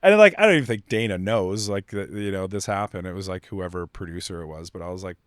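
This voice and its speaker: A man, a chef guest on a podcast, telling stories casually with lots of fillers, getting animated when annoyed. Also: low-pitched, quick pace, no room sound, clean studio sound. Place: podcast studio.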